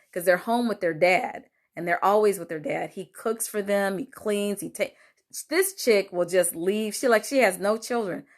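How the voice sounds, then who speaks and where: Grandmother talking through a family fight, chatty, lots of ums, voice jumps up when she quotes people. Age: older. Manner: animated, acts out quoted lines with rising pitch, many fillers. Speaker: host sharing a personal story. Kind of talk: casual storytelling monologue.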